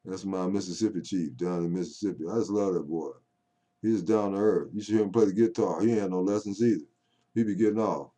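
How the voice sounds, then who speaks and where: A man's voice: deep voice, fast, mellow. An older man talking at home to camera in a rambling, folksy monologue that swings into call-and-response preaching. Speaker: poet vlogger.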